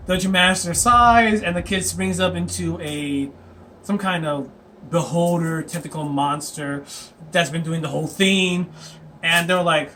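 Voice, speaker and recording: A man's voice: fairly high pitch, steady tone, unhurried, pushed and bright, a little hiss or hum. A man chatting casually as a dungeon master, rambling and laughing with many fillers. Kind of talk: casual chat.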